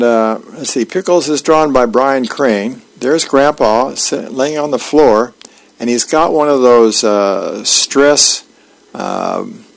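A man's voice: mid-range voice, vocal fry, rough recording. A man, a volunteer reader, reading the newspaper aloud on the radio with small stumbles.

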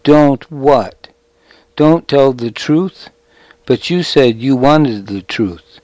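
A man's voice: medium pitch, animated, extremely slow, a little mellow, dry recording. Sneering old soldier, curt, bitter, as a man reads him, dry sound. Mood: scornful.

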